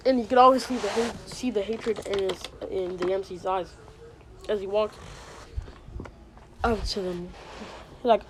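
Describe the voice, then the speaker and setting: A woman rambles through a made-up fantasy story in a casual, unscripted way, full of fillers and restarts. Her voice sits at an ordinary middle pitch, and faint background noise runs under her. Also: steady tone, normal speed, pauses often, low-quality recording.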